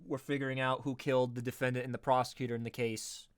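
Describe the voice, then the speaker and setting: A man's voice: medium pitch, clear, resonant tone, dry recording, studio quality. A man hosting a let's play who chats casually and animatedly with a guest. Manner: animated, quick to laugh. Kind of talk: casual gameplay chat.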